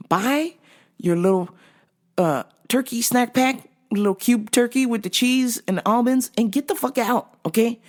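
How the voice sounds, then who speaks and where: A woman telling a story in a casual vlog, animated and profane, often laughing. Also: medium pitch, moderate pace. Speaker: vlogger.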